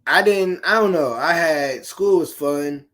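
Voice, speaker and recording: A man talking casually, blunt and animated, telling stories in a loose colloquial way. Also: fairly high pitch, measured pace. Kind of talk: casual conversational chat.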